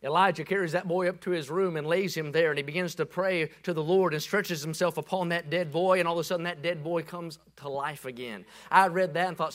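A male preacher delivering a lively sermon with folksy humor and shouted peaks. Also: on the high side, fast talker, few pauses.

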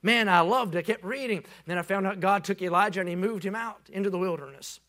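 Male preacher, folksy and animated, high bright voice that breaks into shouts. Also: quick pace. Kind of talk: sermon.

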